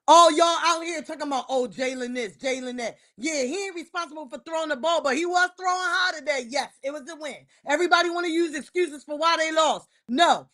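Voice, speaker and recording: A woman with a very high voice rants on a livestream. She's heated and exasperated, trash-talking her team's players and coaches. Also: a little fast, hardly any pauses, sharp tone. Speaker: livestream host. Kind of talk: ranting sports reaction livestream. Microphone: streaming mic.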